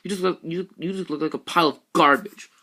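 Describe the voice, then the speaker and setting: A reader voicing a young boy who is whiny, shrill and easily riled, read aloud from a storybook with stumbles and restarts. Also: quick pace. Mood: indignant. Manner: shrill, excitable pleading.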